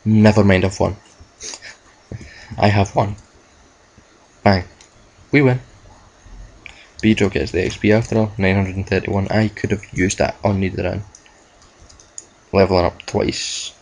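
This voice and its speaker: A man's voice: sits low, fairly even intonation, a little slow, gravelly, long pauses, darkish tone, poor audio. A young man giving rambling, self-mocking commentary over a video game playthrough, cursing at the game now and then. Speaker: gamer. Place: at home with a laptop.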